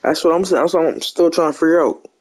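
A man's voice: on the high side, fairly even intonation, quick pace, husky, poor audio. A man voicing a worried male government agent in a video game role-play drama, talking in casual slang and repeating himself.

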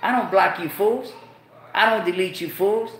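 A man's voice: sits high, moderate pace, a bit bright, slight background noise. Man, host, casual rant, profane street slang, repeats lines, echoey room. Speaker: show host.

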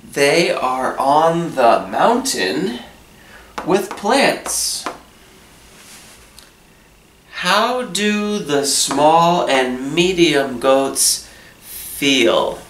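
A man's voice: fairly high pitch, lively intonation, very slow, long pauses, a bit bright, a little hiss or hum. A man teaching an English lesson, asking simple questions about a story and then answering each one in plain words. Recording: echoey room, voice from a distance.

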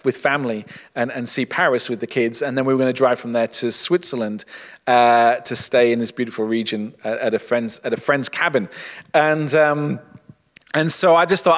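Pastor preaching in an echoey hall. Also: male voice, medium pitch, fairly bright tone. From England. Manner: conversational, many restarts and "you know". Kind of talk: sermon.

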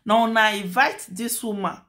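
A woman's voice: mid-range voice, fairly even intonation, moderate pace, fairly bright tone. A woman with a Nigerian accent hosting a commentary channel, talking through a dispute in a chatty, lecturing way and repeating her points. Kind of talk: casual commentary in Nigerian Pidgin.

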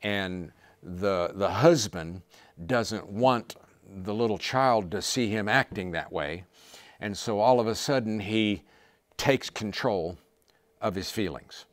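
A man's voice: on the low side, takes it slowly, no room sound. A man preaching a sermon as a pastor, emphatic, piling up repeated lists and growing more intense.

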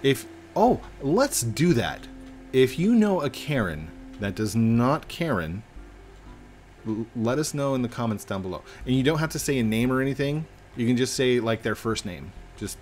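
A man hosting a gaming video, playing along with jokey, excitable commentary and sudden exclamations. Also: medium pitch, normal speed, faint music behind. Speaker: gaming channel host.

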